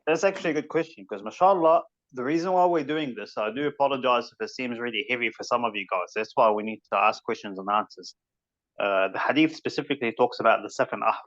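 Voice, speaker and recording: Talking at a quick pace, this man has a medium-pitched, fairly bright voice and a New Zealand accent, with the highs missing from the recording. His online tajweed teaching is casual and digressive, punctuated now and then by recited Arabic verses.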